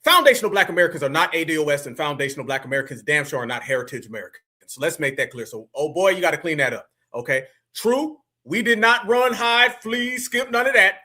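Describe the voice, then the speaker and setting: A man's voice: on the high side, fast, hardly any pauses, bright, forceful tone. A man hosting a live reaction stream, talking emphatically and mockingly with frequent laughter.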